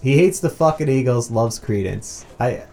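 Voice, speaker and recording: A man casually talking through a film, swearing freely and jumping into loud, excited mock outbursts. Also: medium pitch, normal speed. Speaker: movie commentary co-host. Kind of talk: casual film commentary chat.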